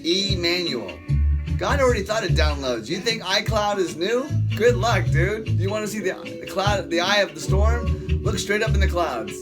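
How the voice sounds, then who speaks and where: A man's voice: high-pitched, lively intonation, moderate pace, over loud music. A man hosting a casual bible study, rambling playfully between jokes and scripture and stretching out words for effect. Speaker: host of a bible study show.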